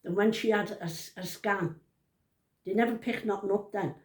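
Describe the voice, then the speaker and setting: A woman in her seventies tells a family story to camera at home, chatty and rambling, often breaking off and interrupting herself. Her voice is medium-pitched at a moderate pace, in an echoey room.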